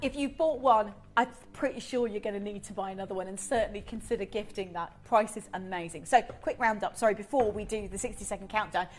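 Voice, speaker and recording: A woman's voice: mid-range voice, fast talker, few pauses. A woman presenting a live TV shopping show, chatty and effusive as she sells to viewers from the studio. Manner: effusive, chatty, enthusiastic selling.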